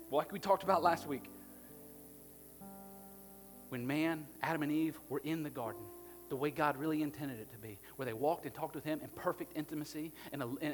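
A male pastor preaching to a live congregation, swinging between hushed, almost whispered passages and loud, emphatic ones. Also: a little high. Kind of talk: sermon. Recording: long hall reverb with faint music behind.

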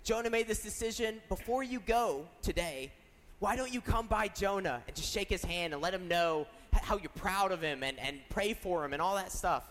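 A man's voice: high voice, expressive, moderate pace, a bit bright. A man voicing a country pastor, plain and reassuring, in a reverberant hall. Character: small-town country pastor, matter-of-fact and encouraging, middle-aged man.

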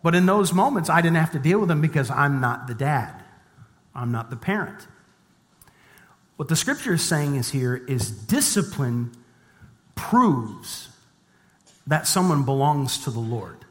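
A man's voice: a little high, expressive, unhurried, long pauses, fairly bright tone. A middle-aged man preaching a sermon as a pastor, mixing scripture reading with conversational, humorous personal stories. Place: church sanctuary. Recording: long reverb of a church hall.

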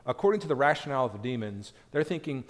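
Male pastor, mid-pitched voice, lively expository sermon in a sanctuary with a long echo tail. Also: very fast. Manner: animated preaching, acts out quoted pleas with raised pitch and volume. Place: church sanctuary. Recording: long church reverb.

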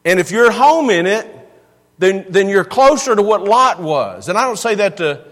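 A man's voice: high-pitched, big pitch swings, moderate pace, fairly bright tone, in a large hall. A man preaching a sermon in a church, earnest and given to repeating words for emphasis.

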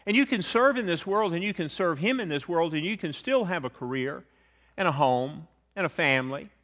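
Bright-voiced preacher in an echoing hall. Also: male voice, lively intonation, brisk. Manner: earnest, swells louder then drops low and quiet. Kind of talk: sermon.

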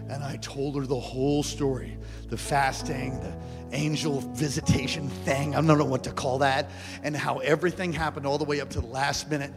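Animated preacher man in a reverberant church. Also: on the high side, moderate pace. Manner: animated, acts out quotes, bursts into shouts. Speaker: pastor. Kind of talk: sermon with storytelling. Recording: live church sound with long reverb and music underneath.

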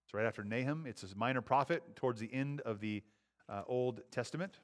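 A pastor preaching a sermon in a conversational style, often restarting phrases and rising emphatically on key lines. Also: male voice, medium pitch, a little fast.

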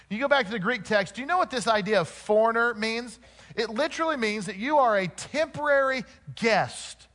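A man preaching a sermon, reading scripture slowly and putting rhetorical questions to his congregation. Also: high voice, fairly bright tone. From Oklahoma.

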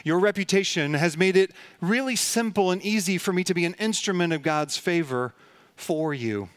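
Storytelling preacher, dry close sound. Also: male voice, high-pitched, moderate pace, fairly bright tone, no echo. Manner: storytelling preacher, acts out quoted dialogue. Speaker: pastor. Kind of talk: sermon.

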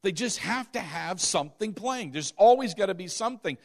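Man, middle-aged, pastor, sermon, high-pitched, emphatic and repetitive. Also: expressive, a little fast, gravelly. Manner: emphatic, repetitive preaching with asides and chuckles.

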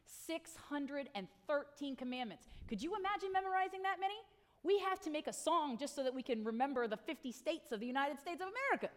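A middle-aged woman pastor preaching a sermon, telling stories with animated, acted-out lines. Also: high voice, fairly quick. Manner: animated storytelling, acts out people's lines.

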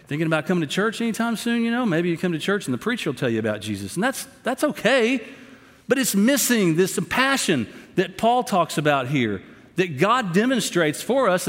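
A man's voice: on the high side, a bit bright. A man preaching a sermon as pastor, with an impassioned, pleading delivery. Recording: long hall reverb.

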